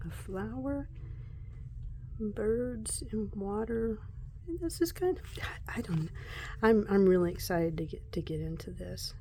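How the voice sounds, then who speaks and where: A woman chatting through a casual deck walkthrough, excitable and talkative, often dropping into soft whispers. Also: mid-range voice, measured pace, a little hiss or hum. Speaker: tarot deck reviewer.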